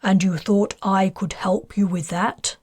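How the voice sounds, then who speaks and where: A woman voicing a smooth, scheming man of high society who bargains in clipped lines, in an audiobook. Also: steady tone, measured pace, a little mellow, no echo. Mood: bargaining.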